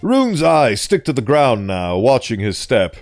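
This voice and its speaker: Playful male streamer, lively pitch, faint music behind. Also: measured pace. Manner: playful, animated, self-correcting. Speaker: streamer reading stories. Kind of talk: live-stream reading and chat.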